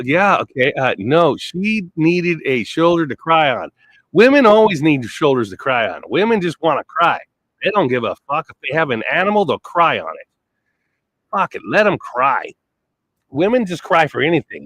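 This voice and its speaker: Man, swears constantly, rambling monologue, lively swooping voice, raised pitch. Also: no echo, low-quality recording. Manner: crude, blunt, swears constantly; wandering, trails off and restarts.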